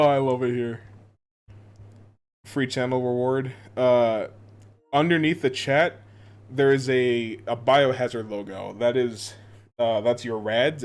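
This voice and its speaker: A man streaming a game, chatting loosely with his audience at a middle pitch. He swears freely, laughs easily and makes fun of himself. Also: darkish tone. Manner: chatty, swears and laughs often, self-mocking. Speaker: live streamer. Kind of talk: casual gaming stream chat.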